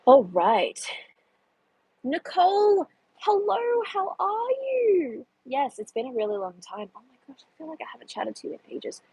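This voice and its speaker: A woman's voice: medium pitch, fast, hardly any pauses, darkish tone, breathy edge, no echo, low-quality recording. A young woman, hosting a casual live stream and chatting through the chat with a self-deprecating manner. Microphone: phone.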